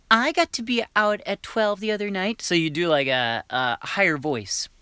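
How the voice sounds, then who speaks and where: Young male voice actor, casual stream chatter, bright tone, dry sound. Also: fairly high pitch, clear, resonant tone, no room sound. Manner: chatty, laughs often, many restarts. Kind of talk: casual livestream chat.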